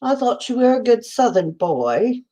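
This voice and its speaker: A woman's voice: fairly high pitch, big pitch swings, a little slow, dark tone. A woman hosting a casual livestream from indoors at home, chatty and often laughing, greeting viewers by name. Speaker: livestream host.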